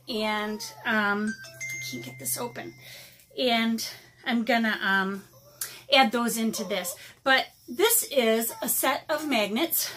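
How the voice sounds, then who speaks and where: A middle-aged woman, the watercolor artist vlogger, talks in a fairly high, fairly bright voice with a little hiss or hum on the recording. She's casually unboxing art supplies, rambling along with lots of ums, and slightly out of breath.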